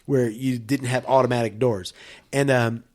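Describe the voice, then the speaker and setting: A man in a casual podcast chat, rambling with lots of swearing and boundless enthusiasm. His pitch sits in an ordinary middle range. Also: fairly even intonation, moderate pace. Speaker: podcast guest, filmmaker.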